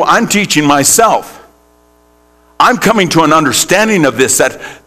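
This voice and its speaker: A man's voice: fairly high pitch, a bit bright. A male pastor preaching a sermon in a church, putting questions straight to the congregation. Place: church sanctuary.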